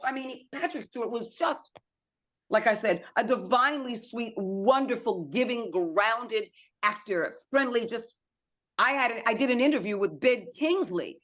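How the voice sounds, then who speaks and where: Middle-aged lady guest on a podcast, lively storyteller, does little voices for people in her stories. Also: on the high side, measured pace. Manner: animated storyteller, acts out quotes. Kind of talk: casual podcast chat.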